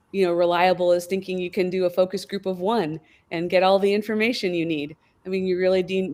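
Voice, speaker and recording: Thoughtful woman on a panel. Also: on the low side. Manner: thoughtful, lively, acts out quoted inner voices. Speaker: panel guest from a wellbeing app company. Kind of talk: panel discussion.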